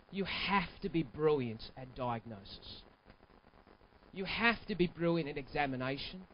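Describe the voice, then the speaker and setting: Male keynote speaker, theatrical and punchy, with a lively up-and-down delivery. Muffled lo-fi recording. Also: sits high, a little hiss or hum. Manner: animated, theatrical, acts out scenes. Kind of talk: live motivational sales keynote. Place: stage at a live keynote event.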